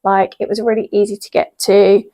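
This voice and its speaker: A woman's voice: mid-range voice, level tone, fairly quick, mellow, poor audio. A woman, a yoga teacher chatting casually in a home vlog, rambling with lots of ums. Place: at home in her yoga room.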